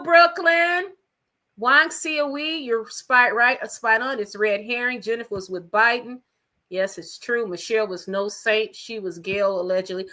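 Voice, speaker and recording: A woman's voice: on the high side, sharp tone. A woman hosting a casual gossip livestream from her own room at home, talking chattily and straight to her viewers. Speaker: livestream host.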